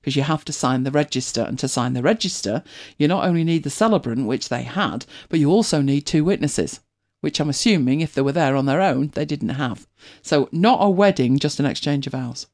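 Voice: medium pitch, animated, brisk, hardly any pauses, a little mellow. A host with a British accent, chatting casually and rambling with many restarts. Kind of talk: casual chat.

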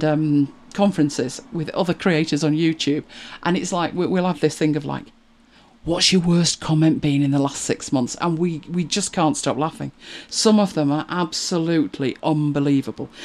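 A middle-aged woman chatting to camera as a video creator, animated and exasperated, laughing at herself. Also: fairly low pitch. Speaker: YouTube creator. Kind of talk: casual chat to camera.

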